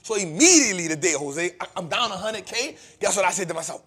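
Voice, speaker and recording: A man's voice: high-pitched, expressive, quick pace, hardly any pauses, pushed and bright, slightly rough. A man hosting a podcast, giving a preachy, emphatic motivational finance talk full of repetition and casual street slang. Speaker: podcast host.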